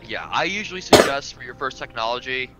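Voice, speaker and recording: Man calmly explaining game menus. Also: medium pitch, a little fast, over loud music, rough recording. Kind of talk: casual gaming chat.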